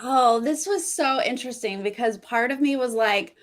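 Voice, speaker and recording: A woman with a fairly high voice, co-hosting a casual reality TV recap. She talks in a chatty way. She acts out other people's lines with a lifted voice. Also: normal speed, hardly any pauses. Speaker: co-host of a reality TV recap show.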